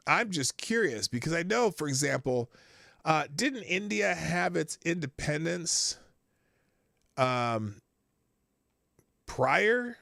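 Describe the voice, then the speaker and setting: A man's voice: on the high side, gravelly, fairly bright tone, no echo, clean studio sound. A man hosting a live show, chatting casually and rambling with many fillers and restarts as he responds to viewers' super chats. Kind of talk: casual live-stream commentary.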